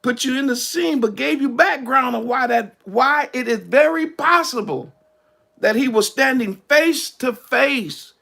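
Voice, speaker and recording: A male preacher, telling a story in an animated sermon, laughing and shouting at peaks. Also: extremely high pitch, vocal fry.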